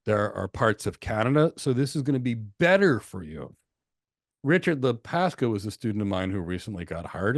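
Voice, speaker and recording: An American man hosting a live question session, talking in an animated, encouraging way and telling stories. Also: on the low side, no room sound, studio quality. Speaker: host and instructor. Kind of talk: live Q&A webinar.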